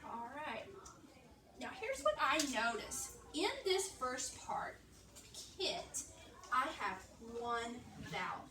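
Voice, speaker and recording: Woman, classroom teacher, encouraging, clear and slow for little kids, high voice, echoey room. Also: very animated. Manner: upbeat, encouraging, slow and clear for young children. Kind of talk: classroom reading lesson. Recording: echoey classroom, far-off mic, background noise.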